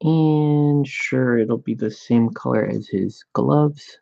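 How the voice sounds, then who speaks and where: Laid-back man painting miniatures, gravelly dark voice, slow jokey chatter, swears casually. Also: mid-range voice, muffled recording. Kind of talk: casual chat while painting.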